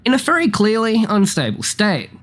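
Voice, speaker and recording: A man's voice: sits high, normal speed, a little hiss or hum. Man narrating a recap voice-over. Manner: even, explanatory voice-over. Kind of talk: scripted narration.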